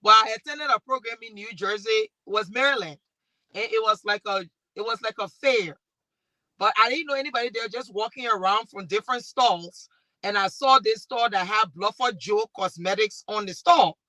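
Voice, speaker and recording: Liberian woman, talk-show host on a panel; animated storyteller who acts out quotes; very bright, pushing tone; dry. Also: mid-range voice, normal speed, dry recording. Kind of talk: panel discussion.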